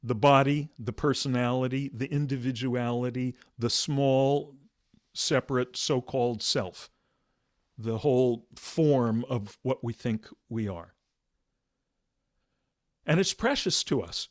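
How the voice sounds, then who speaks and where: A man leading a meditation discussion, speaking softly and reflectively with halting restarts. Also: mid-range voice, dry recording, clean studio sound. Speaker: meditation teacher.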